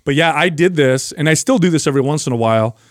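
A man co-hosting a casual fitness chat, telling stories and explaining exercises with lively energy. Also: a little high, quick pace, no echo, clean studio sound. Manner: animated storyteller, explains while demonstrating. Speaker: podcast co-host.

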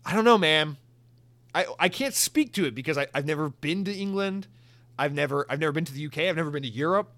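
Brief: American man, solo podcast host, lively and profane, rambles and restarts, a bit high-pitched. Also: fast. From United States. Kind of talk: casual solo podcast chat. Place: home in Orlando, Florida.

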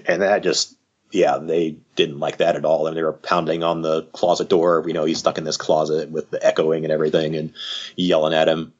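A man's voice: extremely low pitch, flat delivery, fairly quick. A man who works as a psychiatrist, talking through ideas as a podcast guest in a rambling, conversational way full of "you know" asides. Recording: slightly muffled lo-fi audio.

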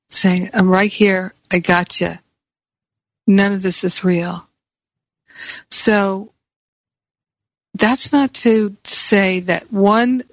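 A woman's voice: medium pitch, dry recording. A woman giving a reflective spiritual teaching talk, repeating key phrases for emphasis. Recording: dry, slightly muffled recording.

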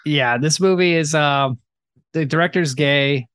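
A man's voice: fairly high pitch, measured pace, fairly bright tone, clean tone, dry recording. A young man co-hosting a casual movie review chat, rambling with lots of fillers and film references. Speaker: podcast co-host.

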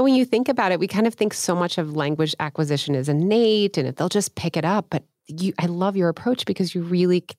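A woman's voice: lowish voice, a little mellow, dry recording, studio quality. A woman hosting a parenting chat, asking questions and summing up what her guests say. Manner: asks questions, sums up guests' points. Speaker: podcast host. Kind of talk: casual chat.

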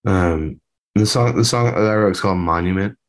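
A man's voice: low voice, a little fast. A man, a band member, chatting loosely in a video-call interview, rambling with lots of fillers and the odd swear.

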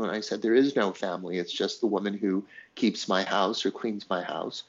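A man's voice: fairly low pitch, highs cut off. A man telling a personal story in an interview, acting out the people he quotes and laughing as he goes. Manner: animated storyteller, acts out quoted voices, laughs. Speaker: songwriter guest. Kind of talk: conversational storytelling.

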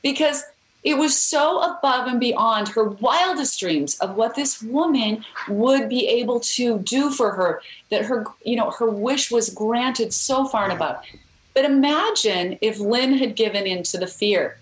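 A woman's voice: a little high, expressive, measured pace. A middle-aged woman, a guest author, telling a story earnestly in a podcast interview, with fillers and restarts. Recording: roomy echo.

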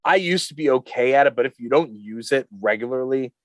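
A man's voice: mid-range voice, animated, brisk, no room sound. A man co-hosting a podcast in casual chat, rambling and jokey, slipping into silly voices. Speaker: podcast co-host.

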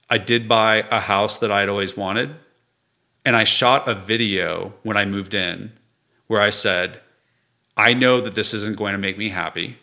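Bright-toned earnest man telling his story. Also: fairly low pitch. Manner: earnest, reflective, laughs while telling stories. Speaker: podcast guest, entrepreneur. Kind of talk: candid conversational interview.

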